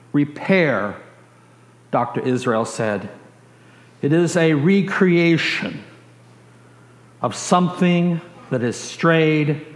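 A man preaching a sermon, slow and emphatic, leading the congregation in call and response. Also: a little high. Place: church sanctuary. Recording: echoey hall with long reverb.

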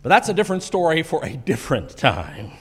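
A man preaching a sermon in a church, telling the story with animated delivery and acting out the quotes. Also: fairly high pitch, fairly quick, breathy edge. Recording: long hall reverb.

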